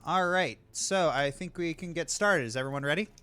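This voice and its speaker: A man running a tabletop game as game master, relaxed and unhurried, with many fillers. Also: on the high side, smooth.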